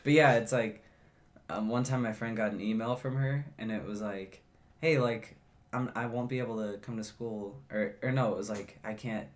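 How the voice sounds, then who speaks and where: A teenage boy hosting a casual podcast, easygoing and quick to react with short replies. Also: fairly low pitch, steady tone. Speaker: podcast host. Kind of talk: casual chat.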